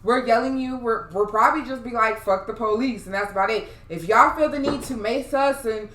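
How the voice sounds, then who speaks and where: A woman's voice: fairly high pitch, fairly quick, a bit bright. A young woman co-hosting a casual podcast, talking emphatically and swearing. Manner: emphatic, sweary, talks over her co-host. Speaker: podcast co-host. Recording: echoey room with faint noise.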